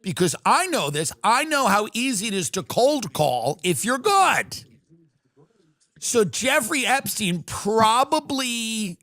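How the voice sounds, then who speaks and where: A man's voice: high voice, big pitch swings, normal speed, pushed and bright. A man hosting a livestream, riffing through a sarcastic comedic rant. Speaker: livestream host.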